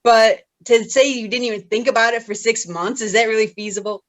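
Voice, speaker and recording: A woman's voice: fairly high pitch, steady tone, a little fast. A woman co-hosting a podcast, upbeat and giggly, asking questions in casual conversation. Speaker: podcast co-host.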